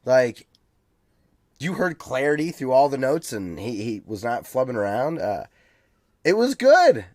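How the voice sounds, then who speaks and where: A man's voice: medium pitch, moderate pace, a little mellow, no room sound. A man co-hosting a casual podcast, hesitant and full of restarts, growing enthusiastic about things he likes. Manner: hesitant, restarts often, then gets enthusiastic. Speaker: podcast co-host. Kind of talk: casual chat.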